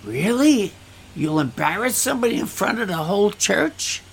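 A man's voice: high-pitched, sing-song, normal speed, creaky, slightly rough. A male pastor talking frankly about his church, bluntly, acting out the voices of people he quotes. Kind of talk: casual talk about church life. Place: church in the Philippines.

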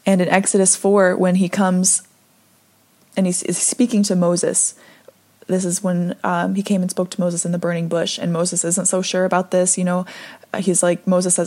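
A woman giving a conversational devotional talk, earnest and gently encouraging, reading scripture aloud between her own thoughts. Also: lowish voice, monotone, moderate pace. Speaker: devotional speaker.

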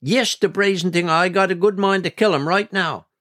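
A man voicing a quick-tempered, bossy old grandmother who scolds and gives orders in high, shrill cries. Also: sing-song, vocal fry, fairly bright tone, dry recording, studio quality, heavily acted. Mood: outraged.

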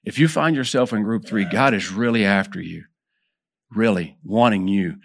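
A man preaching a sermon to a group of men. He calls for amens and repeats words as he restarts, climbing higher and louder when he exhorts, then dropping soft and low for prayers. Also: moderate pace, creaky. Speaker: preacher at a men's gathering.

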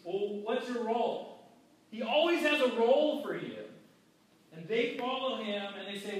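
A man's voice: high voice, a little slow. A man preaching a sermon in a conversational way, often acting out the people in his story. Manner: conversational, acts out quoted voices. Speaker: pastor. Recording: very echoey hall, mic far off.

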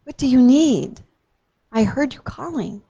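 A woman voicing an eager little boy who serves in a temple, speaking softly and earnestly with a slight hesitance. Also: high voice, expressive, a little slow, creaky, slightly rough, muffled recording, voice pushed up, exaggerated voice.

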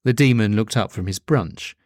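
A man narrating a dark comic story aloud in a dry, deadpan manner. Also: fairly low pitch, moderate pace, no echo.

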